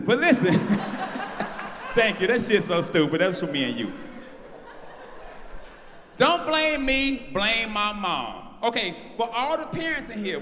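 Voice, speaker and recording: Male comedian, live stand-up set, animated crowd work, long hall reverb. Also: high-pitched. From North Carolina, USA. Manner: loud, animated storytelling, talking to the crowd. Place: stage of a live comedy show. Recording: echoey venue with long reverb.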